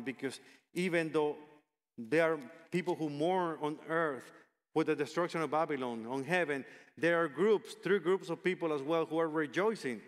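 A man preaching a sermon, speaking in a measured, emphatic way and reading passages aloud. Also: a little high, big-room sound.

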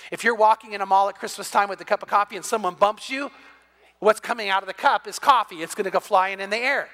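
Older man, pastor, sermon, bright forceful voice, acts out dialogue, long church reverb. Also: high-pitched. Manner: animated, acts out dialogue in quotes, repeats words when restarting. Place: church sanctuary.

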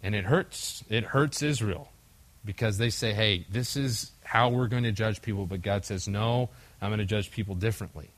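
A young man preaches a casual sermon that includes group discussion, speaking conversationally and acting out the quoted voices in the story, with occasional slips. His voice is lowish and a bit bright, at normal speed.

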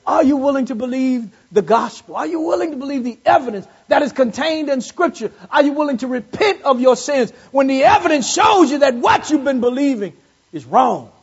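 A man's voice: very high-pitched, animated, fairly quick, muffled recording. A man preaching a Sunday morning sermon, repeating phrases for emphasis and swelling into fervent peaks. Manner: call-and-response preaching, rising to fervent peaks. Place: church service.

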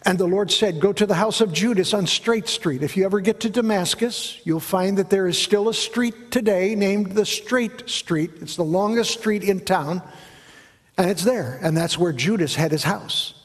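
High-voiced, husky male preacher. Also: moderate pace. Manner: animated storytelling preaching, asks the congregation questions. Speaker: pastor. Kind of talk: sermon. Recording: echoey hall.

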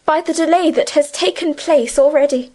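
A woman reading the part of a gentle, affectionate schoolgirl friend, earnest and soothing, in a higher voice than her narration. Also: normal speed, close to an everyday voice. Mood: tender. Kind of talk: audiobook character reading.

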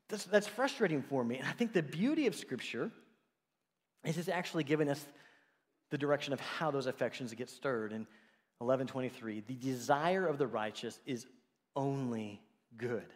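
A man preaching a sermon in a conversational, animated way, acting out the voices he quotes. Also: mid-range voice, moderate pace. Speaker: pastor. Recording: long hall reverb.

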